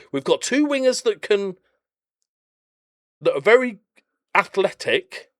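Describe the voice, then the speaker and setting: A man with a slightly raised pitch talks through a game in loose, chatty commentary. His voice swings widely between highs and lows as he jokes and goes off on blunt tangents. The sound is dry and close, with no room echo. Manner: chatty, rambling, jokey and blunt, prone to rants. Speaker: game channel host. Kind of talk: casual gameplay commentary.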